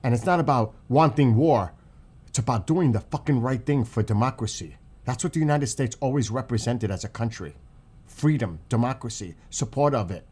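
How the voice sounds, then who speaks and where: Furious man ranting with swinging pitch. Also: animated, normal speed, darkish tone, slightly rough. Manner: furious, profane, repeats himself for emphasis. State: upset and livid. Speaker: commentary channel host. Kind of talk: angry political rant to camera.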